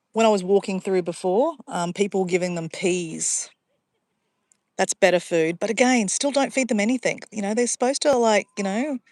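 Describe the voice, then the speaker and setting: A woman's voice: medium pitch, darkish tone, dry recording, studio quality. An Australian woman chatting casually to livestream viewers outdoors by a pond, easily sidetracked and calling her viewers guys. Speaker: livestream vlogger.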